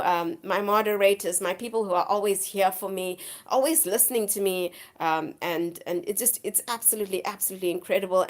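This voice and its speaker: A woman hosts a live stream and chats casually with her viewers. She rambles on effusively and circles back to repeat herself, and her voice sounds worn from the flu. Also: on the low side.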